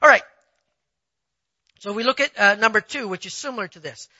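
A pastor preaching a sermon in a conversational way, telling personal stories and often asking the listeners if they follow, swinging between quiet asides and emphatic points. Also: mid-range voice, a little fast, no echo, highs cut off. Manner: conversational preaching, asks the audience "you see what I'm saying".

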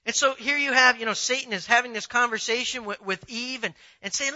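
A man preaching a sermon in a conversational, animated way, asking his listeners rhetorical questions. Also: extremely high pitch, fairly quick, hardly any pauses. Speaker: pastor. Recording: dull lo-fi sound.

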